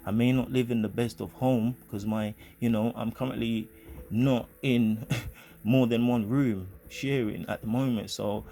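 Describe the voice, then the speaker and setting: A man's voice: mid-range voice, fairly even intonation, measured pace, vocal fry, mellow. A man telling a personal spiritual story in an earnest, rambling way, full of fillers and restarts. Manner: earnest, grateful. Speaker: vlogger.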